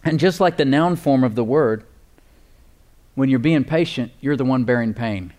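A man preaching a sermon, slowing down to stress key phrases and calling for responses from the congregation. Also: medium pitch, darkish tone. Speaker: pastor.

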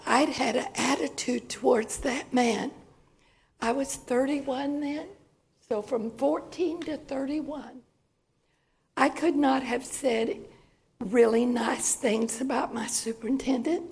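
A woman shares her testimony from church, her voice high and gravelly with a hoarse edge. She speaks slowly and plainly, telling her story in a folksy way and pausing to clear her throat. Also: darkish tone. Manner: slow, folksy storytelling with emotional catches.

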